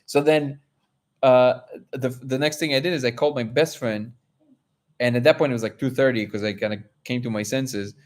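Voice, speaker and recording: Man, host, live discussion, animated storytelling, frequent restarts. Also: mid-range voice, moderate pace. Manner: animated, acts out quotes, many restarts.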